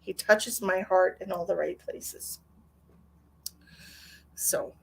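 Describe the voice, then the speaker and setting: A woman's voice: on the low side, fairly even intonation, slow pace, vocal fry, slightly rough. A middle-aged woman hosting a livestream, chatting candidly and emotionally, swearing freely and reading out viewer comments. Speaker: psychic medium livestream host. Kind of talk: casual livestream chat.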